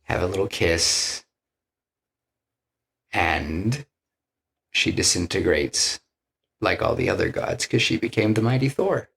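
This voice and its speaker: A deep-voiced man talks slowly and loosely on a podcast, walking through a film scene by scene. He now and then slips into the characters' lines with some drama, and restarts his sentences often. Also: gravelly, fairly bright tone. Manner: retells scenes, acting out quoted lines; loose, rambling with restarts and "you know". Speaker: podcast co-host pitching a film. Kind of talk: casual storytelling chat.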